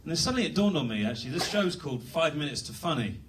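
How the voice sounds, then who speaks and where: A man's voice: fairly high pitch, very animated, racing, far from the mic, noisy background. A young British man doing a rambling, self-deprecating stand-up set at a comedy club. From Britain.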